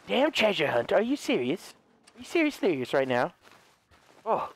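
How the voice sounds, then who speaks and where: A hoarse man giving excitable, casual let's-play commentary, cursing freely and chatting to his horse. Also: high voice, normal speed, long pauses. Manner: excitable, swears often, talks to his horse. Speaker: gaming video host.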